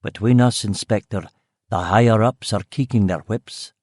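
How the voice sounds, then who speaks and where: A weary, blunt senior detective of about fifty, with a faint Scottish accent, who swears freely and speaks low and subdued, as a male narrator plays him. The voice sits lower and softer than the narration around it, recorded in a dry, close space for an audiobook. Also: moderate pace, no echo, close to an everyday voice. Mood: gruff, weary. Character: grizzled fifty-year-old male detective chief.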